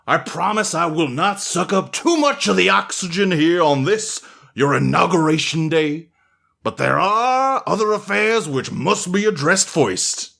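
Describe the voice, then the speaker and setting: A man's voice: sits high, expressive, measured pace, gravelly, a bit bright, voice pushed up, full character voice. A man voicing an ancient, long-winded head butler who speaks with grand, formal politeness. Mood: grandiloquent. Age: older. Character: ancient pompous male estate head butler.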